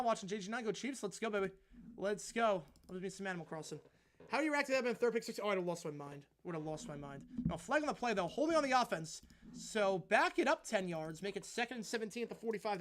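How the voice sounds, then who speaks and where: High-voiced man calling football plays. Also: fast talker. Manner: rises into excited calls on big plays, drops low and casual when answering chat. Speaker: stream host calling games. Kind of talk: live play-by-play commentary with chat asides.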